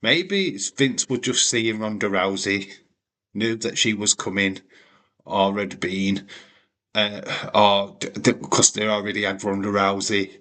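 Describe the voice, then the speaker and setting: A man talks through a wrestling watch-along in a loose, opinionated rant, swearing freely and stumbling over restarts. His voice sits a little low and comes across bright and forceful. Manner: blunt, sweary, ranting with frequent restarts. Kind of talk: casual opinionated commentary.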